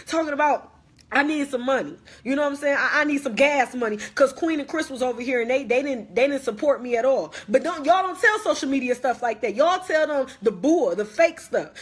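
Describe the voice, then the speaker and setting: A young woman venting on a phone live stream in an impassioned casual rant, emphatic, hurt and confrontational, repeating herself for weight. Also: high voice. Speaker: livestreamer.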